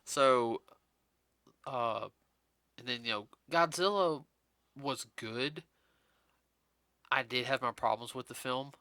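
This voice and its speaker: A man's voice: medium pitch, steady tone, takes it slowly, long pauses, sharp tone, smooth, dry recording. A man hosting a podcast, chatting casually about films in a rambling way, full of fillers and restarts, and teasing his co-host.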